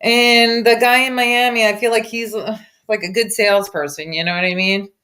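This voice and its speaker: A woman's voice: fairly high pitch, steady tone, moderate pace, bright, forceful tone. A woman hosting reaction commentary over a clip, mocking and combative in tone. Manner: mocking, sarcastic, combative ranting. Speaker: commentary host.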